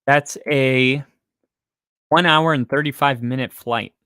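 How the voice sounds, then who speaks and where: A man co-hosting a casual football podcast, rambling and excitable, with lots of fillers. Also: mid-range voice, takes it slowly, clear, resonant tone, no room sound, clean studio sound. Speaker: podcast co-host. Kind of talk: casual sports chat.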